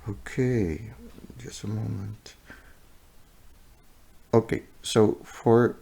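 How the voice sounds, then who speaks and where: Deep-voiced man giving a tarot reading. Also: fairly even intonation, creaky, warm tone. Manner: unhurried, many "uh" pauses, often ends with "no?" or "okay?". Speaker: tarot reader. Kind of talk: unscripted tarot reading to camera.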